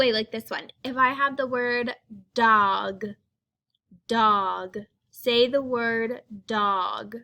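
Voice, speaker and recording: A woman's voice: on the high side, pushed and bright. A woman teaching young children a phonics lesson, speaking patiently and sounding out each letter.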